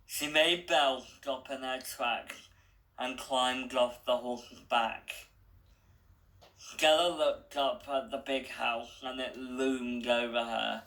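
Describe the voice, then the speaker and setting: Slow, gravelly male storyteller. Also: mid-range voice, fairly even intonation, sharp tone, low-quality recording. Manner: slow, deliberate, with small restarts. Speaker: narrator. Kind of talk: reading a story aloud.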